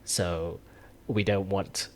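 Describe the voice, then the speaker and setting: A man hosting a candid conversation, speaking gently and reflectively. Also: deep voice, steady tone, extremely slow, a little hiss or hum. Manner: gentle, reflective, affirming listener. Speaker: host.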